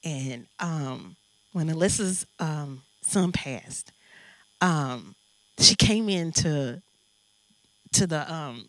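A woman's voice: deep voice, extremely slow, pauses often, no echo. Earnest woman host, dry close sound. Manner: emotional, earnest, animated storytelling. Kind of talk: storytelling in panel conversation.

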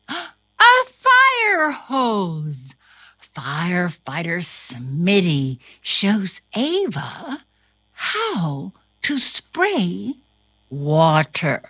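A woman reading a children's picture book aloud in a slow, sing-song, animated way, with gasps and playful sound effects. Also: on the low side, slightly rough, no room sound, clean studio sound. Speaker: storybook reader.

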